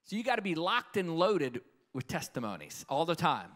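A male evangelist delivers a live sermon at a conference. His voice sits a little high, and he preaches with emphatic, storytelling energy, often pausing for an amen. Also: very animated, fairly bright tone. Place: conference hall with live audience.

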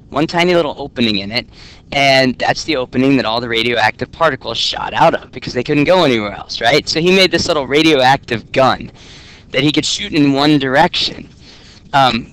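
A man's voice: medium pitch, fairly bright tone. Joking male teacher lecturing a class. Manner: casual and joking, often checks in with "okay?". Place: classroom with students.

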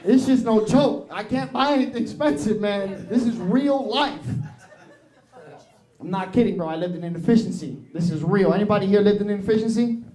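With a high-sitting voice, a dark tone, and a moderate pace, a young comedian delivers a profane, brash set that slips into Spanish. It's recorded live on a small improv theatre stage, roomy and with the crowd audible.

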